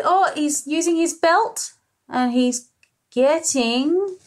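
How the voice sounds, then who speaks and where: Slow, high-voiced Welsh storyteller. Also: female voice. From Wales. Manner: slow, expressive storytelling with a lively, dramatic lilt. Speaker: pre-school teacher. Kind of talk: reading a picture book aloud to children.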